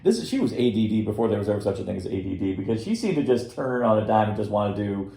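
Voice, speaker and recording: Gravelly and dark-toned, his fairly low voice comes out animated and very fast. He's a co-host on a laid-back film review podcast, rambling and restarting a lot in a room with noticeable echo.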